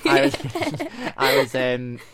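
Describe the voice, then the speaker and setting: Very low-voiced teasing woman. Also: wildly swooping pitch, takes it slowly, dry recording. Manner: teasing, playful. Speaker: podcast co-host. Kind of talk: casual chat.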